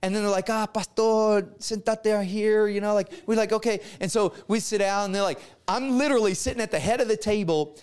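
High-voiced pastor telling a story. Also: male voice, fast talker, hardly any pauses, clear, resonant tone. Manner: animated storyteller acting out dialogue. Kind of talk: storytelling sermon.

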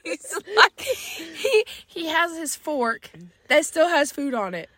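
A woman's voice: high-pitched, slow, no room sound. A young woman co-hosting a casual chat podcast, retelling a story with frequent laughter. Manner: laughs through her story, animated retelling. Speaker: podcast co-host.

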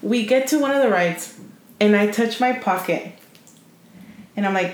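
A young woman tells a story to friends in casual podcast chat, blunt and quick to swear, dropping in Spanish words here and there. Her voice sits in an ordinary middle register. The room around her rings with a noticeable echo. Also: medium pitch. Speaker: podcast co-host. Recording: roomy echo.

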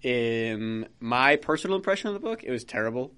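Young guy rambling on a podcast, tons of fillers, starts over a lot, normal pitch. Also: lively intonation, fairly quick, fairly bright tone, clear, resonant tone. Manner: rambling, full of "like" fillers and restarts. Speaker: podcast co-host. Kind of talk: casual chat.

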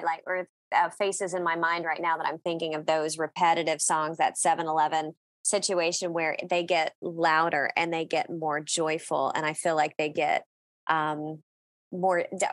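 A woman's voice: lowish voice, a bit bright, no echo, studio quality. A woman hosting an interview, affirming her guest and restarting her long questions as she goes. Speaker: interview host. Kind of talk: conversational interview.

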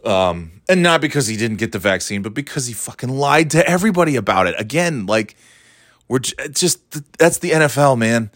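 A man's voice: medium pitch, expressive, a little fast, a bit bright, dry recording, clean studio sound. A man from the northeastern United States hosting a solo podcast, rambling and ranting with sarcasm and plenty of swearing. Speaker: podcast host. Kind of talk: casual solo podcast monologue.

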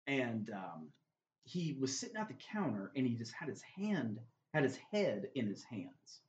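Speaking at a measured pace with big pitch swings, this medium-pitched man gives a faith testimony as a guest, earnest and full of "man" fillers. The recording sounds roomy and somewhat dull.

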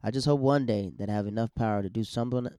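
A man's voice: lowish voice, rapid-fire, mellow, clean tone, no echo, studio quality. A man, a stand-up comedian, hosting a podcast in a loose, chatty monologue full of restarts.

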